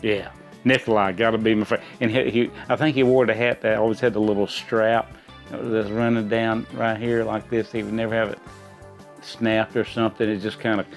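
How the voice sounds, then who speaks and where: A man's voice: on the low side, level tone, normal speed, faint music behind. A middle-aged man, a dad hosting a trivia chat, answering in rambling, folksy explanations. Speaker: quiz host, a gamer's dad answering questions. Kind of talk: casual chat.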